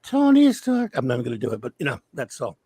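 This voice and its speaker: A man's voice: mid-range voice, steady tone, very fast, breathy edge, no echo. A man chatting casually with friends on a show, given to singing cartoon themes and doing impressions. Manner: breaks into sung cartoon theme songs and impressions. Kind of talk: casual chat.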